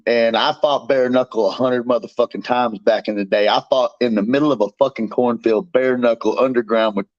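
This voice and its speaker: Appearing as a guest on a show, a man who fights bare knuckle talks trash about his opponent in a medium-pitched voice. He brags, gets heated and curses constantly. The audio is slightly dull and dry, with no room sound.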